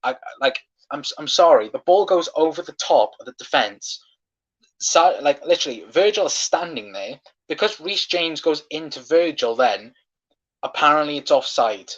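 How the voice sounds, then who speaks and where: A man's voice: on the high side, animated, moderate pace. A man hosting a live football watchalong, passionately ranting and swearing at referee decisions, on a dull lo-fi stream mic. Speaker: fan watchalong host.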